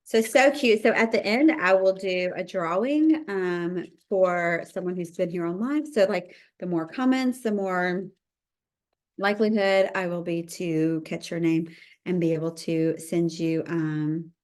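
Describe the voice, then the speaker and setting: A woman's voice: on the low side, unhurried, a little mellow. Chatty woman hosting a cookie livestream. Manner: chatty, bubbly, greets viewers by name. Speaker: cookie decorating instructor. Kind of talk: livestream tutorial chat.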